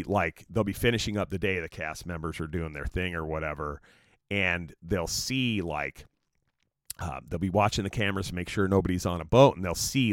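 A man's voice: low voice, no echo, studio quality. A man hosting his own podcast, telling a story in a rambling, casual way with lots of fillers and swearing. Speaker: podcast host.

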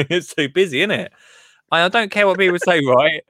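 A man's voice: sits high, brisk, pushed and bright, no echo, clean studio sound. A man hosting a casual chat, joking around, laughing often and drifting into little rants. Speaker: podcast host.

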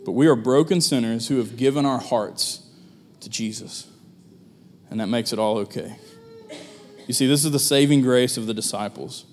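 A man preaching a sermon as pastor, relaxed and conversational, with folksy asides. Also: medium pitch, normal speed, long pauses, slight background noise.

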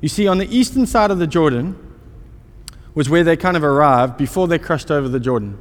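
A man's voice: on the high side, lively intonation, fairly quick. A man preaching a sermon, telling a self-mocking story and asking the listeners rhetorical questions. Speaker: pastor. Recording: long hall reverb.

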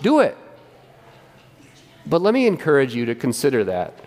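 A man preaching a sermon as pastor, animated and conversational, often repeating and restarting his words. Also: medium pitch, fast, in a large hall. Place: church sanctuary.

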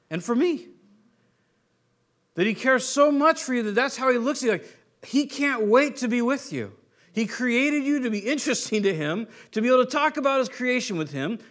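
A man giving a casual, conversational sermon as a pastor, relaxed and chatty with slang and frequent restarts. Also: very high-pitched.

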